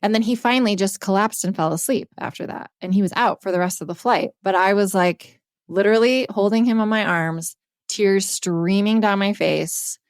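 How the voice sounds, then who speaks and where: A woman's voice: mid-range voice, normal speed, smooth, no room sound, clean studio sound. A woman in her thirties, co-hosting a podcast, candidly retelling a story with casual swearing. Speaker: podcast co-host.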